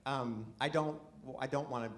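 A man performing a chatty, self-deprecating stand-up set in front of a live audience, often restarting his sentences and breaking into animated exclamations. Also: medium pitch, normal speed, very noisy. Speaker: stand-up comedian. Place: live comedy venue with an audience. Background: audience laughter.

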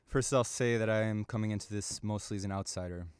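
A man from the Chicago area giving a measured, prepared talk on the radio, with occasional fillers and self-corrections. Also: lowish voice, fairly even intonation, clean tone, no room sound. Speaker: radio presenter and publisher.

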